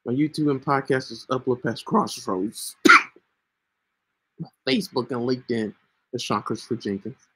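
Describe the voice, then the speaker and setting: Teaching Scripture on his personal podcast, a man with a mid-range voice speaks at a moderate pace and pauses often, his casual monologue sincere and dotted with "right?". Coughing fits break in, and the audio from his home computer mic, used alongside screen sharing, is very noisy.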